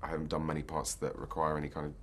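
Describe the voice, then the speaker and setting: A man's voice: rumbling low, monotone, racing, fairly bright tone, slight background noise. A man, a stage actor, talking hesitantly and self-deprecatingly about his part in an interview. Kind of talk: casual interview chat.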